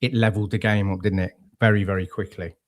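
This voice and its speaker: Low-voiced chatty English football fan. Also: male voice, fast talker. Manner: chatty, animated storytelling with quoted asides. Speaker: podcast co-host. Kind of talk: casual football chat.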